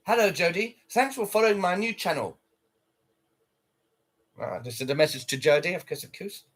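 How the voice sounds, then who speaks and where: A man's voice: sits high, normal speed. A man casually chatting on a livestream, reacting to viewer comments in a blunt, sweary way. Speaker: livestreamer reading chat.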